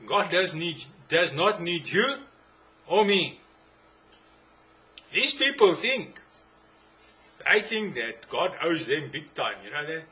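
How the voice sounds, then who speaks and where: A South African man preaches a sermon in a fairly high voice, very animated yet slow, with frequent pauses. He is emphatic and insistent, circling back on his points and hurling rhetorical questions at listeners, his tone bright and forceful throughout.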